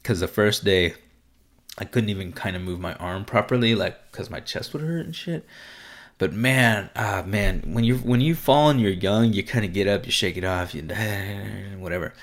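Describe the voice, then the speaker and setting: Low gravelly-voiced young man. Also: moderate pace. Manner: profane, laughing, rambling with many fillers. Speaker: vlogger. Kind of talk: casual storytelling.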